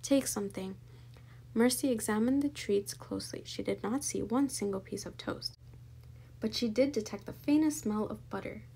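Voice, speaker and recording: A woman narrating a children's book aloud in a lively storytelling manner, with a gravelly, husky voice. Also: on the high side, moderate pace.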